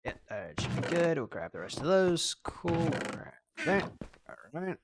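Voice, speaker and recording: A man's voice: on the high side, sing-song, normal speed, background noise. An Australian man casually rambling and thinking aloud while streaming a video game. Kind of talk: casual gameplay commentary.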